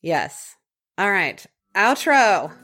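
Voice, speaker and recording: A woman's voice: medium pitch, very animated, extremely slow, pushed and bright, faint music behind. A woman co-hosting a podcast, chatting casually and teasing with frequent laughter. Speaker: podcast co-host. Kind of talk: casual chat.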